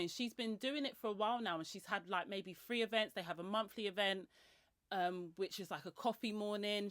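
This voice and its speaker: A woman's voice: fairly bright tone, dry recording. A woman hosting her own podcast in a chatty, slangy way. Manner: chatty and slangy, acts out others' lines with big pitch jumps. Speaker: podcast host. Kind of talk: casual solo podcast chat.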